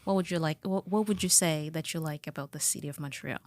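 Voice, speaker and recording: A woman's voice: low-pitched, quick pace, darkish tone, no echo. A woman hosting an interview podcast, asking questions and giving brief, encouraging replies. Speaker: podcast host.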